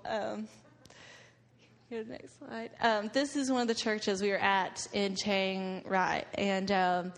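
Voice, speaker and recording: A woman's voice: medium pitch, flat delivery, slow pace. A young woman giving a slideshow talk to a group about a mission trip, telling stories and laughing often. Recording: long reverb of a hall.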